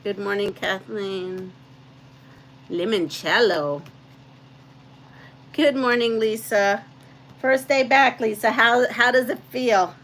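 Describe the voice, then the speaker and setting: A woman's voice: on the high side, takes it slowly, pauses often, a bit bright, a little hiss or hum, low-quality recording. Chatty woman quilting host. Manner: chatty, laughs often, reads out trivia questions. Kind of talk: casual chat while quilting.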